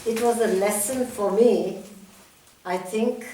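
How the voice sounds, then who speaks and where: A woman's voice: mid-range voice, steady tone, takes it slowly, warm tone, slight background noise. An older woman telling personal memories at a talk, reminiscing with emotion and acting out what others said. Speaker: guest speaker. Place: meeting hall. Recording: very echoey room from far off.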